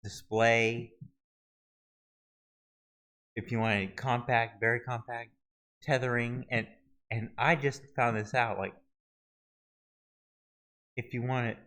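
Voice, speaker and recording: A man walking viewers through a website search tool in a halting, casual screen-recorded tutorial, often restarting his sentences. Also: medium pitch, fairly even intonation, a bit bright, poor audio. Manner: halting, many restarts and fillers. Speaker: video tutorial host.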